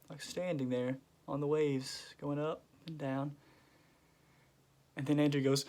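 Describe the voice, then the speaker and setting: A man teaching a children's church lesson, telling a Bible story with animated storytelling and acting out the characters. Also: fairly high pitch, moderate pace.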